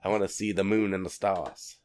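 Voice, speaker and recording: A man's voice: deep voice, brisk. A man co-hosting a comedy podcast, reading product reviews aloud with frequent laughter and swearing. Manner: laughs often, swears, animated. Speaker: podcast co-host.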